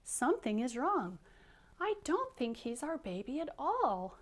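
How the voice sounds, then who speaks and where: A woman voicing a doubtful, fretful mother bird in a picture-book read-aloud, higher and slower than her narration. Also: sing-song, full character voice.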